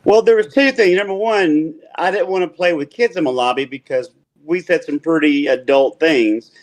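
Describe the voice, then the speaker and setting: A man's voice: on the high side, moderate pace. Blunt joking man on a phone. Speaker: co-host. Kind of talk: casual chat on a livestreamed show.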